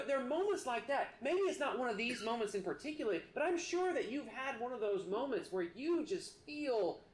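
A man preaching a sermon, earnest and halting, with many restarts. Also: extremely high pitch, reverberant, slight background noise. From United States. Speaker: pastor.

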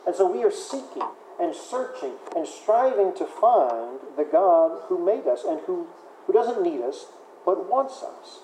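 A man's voice: high-pitched, sing-song, unhurried, warm tone, roomy sound, a little hiss or hum, poor audio. A man preaching a sermon in a conversational way, often repeating words and using fillers. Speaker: pastor.

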